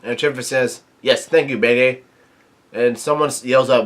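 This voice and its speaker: Reading a comic chapter aloud in halting fashion, a middle-pitched male manga reviewer sums it up and comments as he goes, delivering the dialogue in a flat, unacted way.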